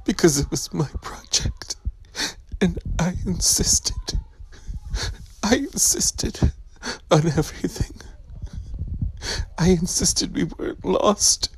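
A woman's voice: fairly low pitch, exaggerated voice, low-quality recording. A woman in a parked car voicing a terrified, tearful young woman lost in the woods, in a whispered role-play recorded on a phone. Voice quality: breathy, whispering, sobbing.

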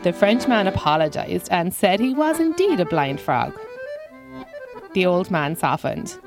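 A woman's voice: on the low side, big pitch swings, measured pace, music in the background. A woman telling a scripted personal story with dry, self-mocking humor.

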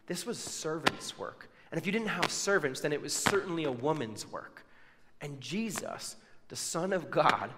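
A man's voice: medium pitch, fairly bright tone, in a large hall. A man preaching a sermon, telling a story and acting out the people's words with casual asides. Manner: storytelling with acted-out quotes and asides.

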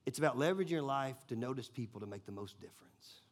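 A man from Tennessee with a Southern accent, a pastor telling a sermon story, swinging between loud bursts and hushed moments. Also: medium pitch, animated, fast talker. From Nashville, Tennessee, US. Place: church.

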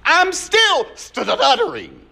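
A preacher putting on a stammering reluctant prophet. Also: male voice, huge pitch swings, slow pace, vocal fry, sharp tone, exaggerated voice. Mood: pleading. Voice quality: stammering, high-pitched. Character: reluctant stuttering male prophet, pleading.

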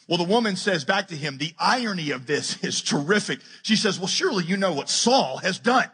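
A man preaching a sermon as pastor, joking and acting out Bible characters in quick asides. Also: sits high, sharp tone, breathy edge. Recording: preached in a large hall with long reverb.

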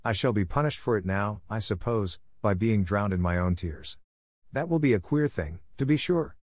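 A man's voice: fairly low pitch, expressive, normal speed, no echo, clean studio sound. A man reading the part of a polite, chatty little girl in a storybook, speaking earnestly. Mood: wondering.

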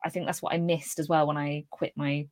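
A woman's voice: sits low, level tone, fairly quick, darkish tone. Giggly young British woman. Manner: giggly, self-deprecating. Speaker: streamer and voice actress, guest. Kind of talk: casual podcast chat.

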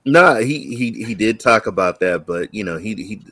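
A man's voice: lowish voice, expressive, moderate pace, pushed and bright, a little hiss or hum. A man co-hosting a casual live stream, laid-back, often repeating words as he talks. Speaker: regular co-host.

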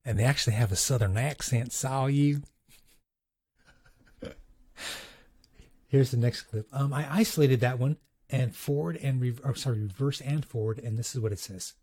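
Husky man chatting, chuckling often. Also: mid-range voice, normal speed, mellow, dry recording. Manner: chuckles often, restarts sentences. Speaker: host reviewing recorded audio clips. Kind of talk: casual chatty commentary.

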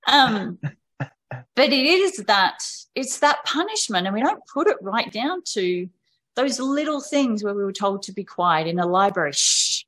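A woman's voice: medium pitch, sing-song, moderate pace, fairly bright tone. A woman speaking as a podcast guest in candid, conversational storytelling, frank and casual, often acting out quoted voices of parents and children.

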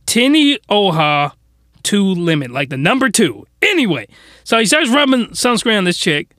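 A man hosting a podcast, giving rambling, animated, comedic commentary. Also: high voice, normal speed, dry recording, clean studio sound. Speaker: podcast host.

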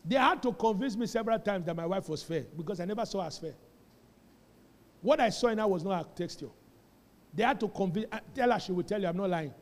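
A man's voice: sits high, expressive, fast, big-room sound. A Nigerian man preaching a sermon as a pastor. He tells stories with Pidgin asides and builds to emphatic calls. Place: church.

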